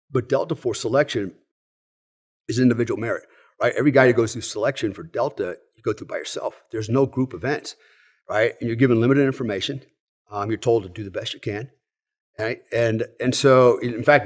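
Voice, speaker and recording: A middle-aged man from the United States with a fairly low voice talks through his army stories. He keeps a loose, relaxed manner, full of fillers and asides. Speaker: guest, former Delta Force soldier. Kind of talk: casual storytelling.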